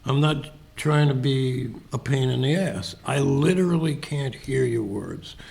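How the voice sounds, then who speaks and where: A man's voice: mid-range voice, measured pace, gravelly, darkish tone. A man co-hosting a casual podcast, talking reflectively and acting out little example exchanges. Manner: reflective, explains with examples and acted-out quotes. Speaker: podcast co-host.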